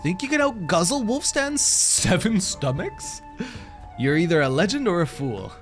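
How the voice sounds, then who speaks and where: A man voicing a boastful, drunken male pirate bodyguard with a gruff, slurred brogue, over faint game music. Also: high-pitched, very animated, a little slow, pitched above the performer's own voice. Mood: tipsy.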